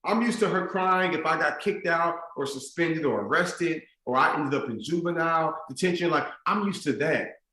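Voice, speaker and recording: Echoey motivational speaker, lively storyteller. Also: male voice, on the high side, moderate pace, few pauses. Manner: animated, conversational storytelling with lots of "like" and "you know what I'm saying". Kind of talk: storytelling keynote speech. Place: stadium event for school staff.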